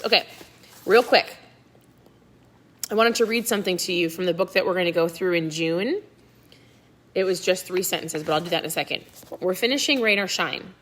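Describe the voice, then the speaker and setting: A middle-aged woman with a lowish, fairly bright voice hosts a book club in a casual live chat. She talks directly to her viewers in a chatty way and keeps asking "right?"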